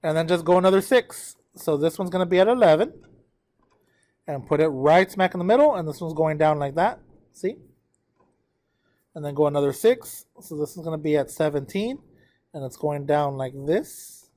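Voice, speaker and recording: Tired math teacher guy, kinda high voice, keeps asking the class if they're ok. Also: animated, moderate pace, darkish tone. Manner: checks in with students often. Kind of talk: live classroom lecture at a whiteboard.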